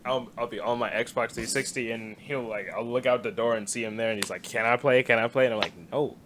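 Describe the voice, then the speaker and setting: A young man chatting casually on a podcast, animated and stammering, swearing and laughing a lot. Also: medium pitch, brisk, slight background noise. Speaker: podcast co-host. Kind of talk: casual chat.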